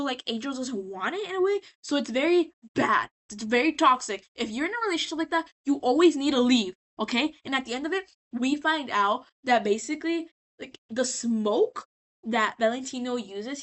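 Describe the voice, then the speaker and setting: A tipsy woman casually recapping a story in a scattered, animated way that is full of swearing and restarts. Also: on the high side. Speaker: video creator.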